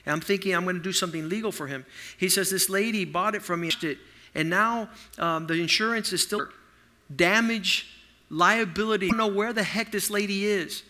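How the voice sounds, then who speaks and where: Animated preacher man, bright high voice. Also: brisk. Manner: animated, acts out quotes with sudden loud outbursts and hushed asides. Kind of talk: sermon storytelling.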